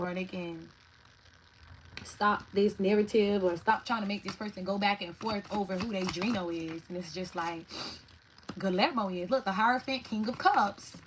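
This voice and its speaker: A woman giving a loose, unscripted tarot reading, swearing freely and talking straight to her viewers. Her voice sits at a middle pitch, and she jumps quickly from thought to thought with lots of feeling. A faint hiss of noise sits under the recording. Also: rough recording. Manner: blunt, profane, animated, talks to viewers directly. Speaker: tarot reader. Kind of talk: live tarot reading, casual monologue.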